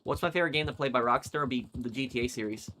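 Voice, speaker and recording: A young man talks loosely at an ordinary mid pitch while he plays and reads viewer comments. His chat is rambling and wanders off on tangents. A faint noise sits under his voice. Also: rapid-fire, pushed and bright. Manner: rambling, digressive. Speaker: gaming streamer. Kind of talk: casual chat reading live comments while gaming.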